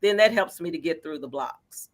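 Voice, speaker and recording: A woman, a featured artist, answering interview questions in a lively, encouraging way with everyday examples. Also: low voice, moderate pace.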